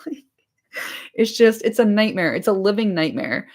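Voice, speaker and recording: A woman streamer chatting casually to her live audience after a reading, enthusiastic and swearing freely, her voice slightly hoarse. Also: medium pitch, animated, moderate pace, darkish tone. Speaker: streamer reading a book aloud.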